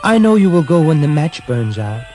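A man's voice: fairly high pitch, big pitch swings, normal speed, pitched above the performer's own voice. A man voicing a frightened little match girl who begs her grandmother in a raised, pleading voice. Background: soft music.

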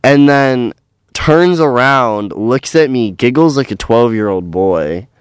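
A young man co-hosting a college radio show, chatting casually and telling stories with animated indignation. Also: mid-range voice, slow, smooth, no room sound, clean studio sound. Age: young adult. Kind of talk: casual chat.

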